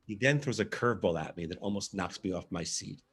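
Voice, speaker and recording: A man's voice: low voice, animated, brisk, fairly bright tone, husky, full character voice. A man reading a candid, wry first-person monologue for a verbatim theatre reading, as a male arts director telling his story.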